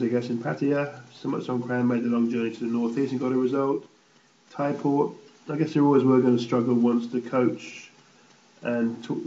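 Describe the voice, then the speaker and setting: An English man with a mid-range, dark voice hosts a casual football results roundup, rambling, blunt and swearing freely. The recording sounds roomy and slightly dull.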